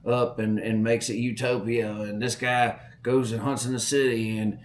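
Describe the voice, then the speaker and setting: Podcast host, man, Southern drawl, folksy and animated storyteller who repeats himself for emphasis, mid-range voice. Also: mid-range voice, normal speed. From Southern Virginia. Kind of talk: casual storytelling.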